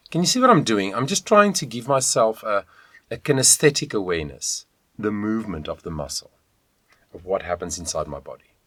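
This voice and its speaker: A man teaching a video voice lesson, talking straight to the viewer in an encouraging, animated way. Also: fairly low pitch, dry recording. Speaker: vocal coach.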